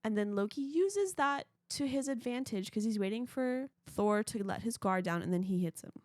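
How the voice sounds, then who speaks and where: A woman's voice: fairly high pitch, expressive, normal speed, darkish tone, dry recording, studio quality. A young woman hosting a casual solo podcast, chatting with gushing fan enthusiasm. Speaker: podcast host.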